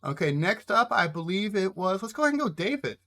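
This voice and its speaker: A man's voice: high voice, very animated, quick pace, pushed and bright. A man running a tabletop game as game master, narrating casually with frequent fillers.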